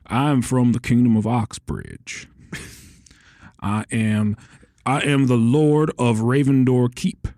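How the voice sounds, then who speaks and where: A man's voice: medium pitch, animated, warm tone, no echo, studio quality. A man doing a drawling Southern fantasy lord. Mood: proud. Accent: put-on Southern US. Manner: slow, drawn-out declaring. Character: slow-drawling male provincial lord.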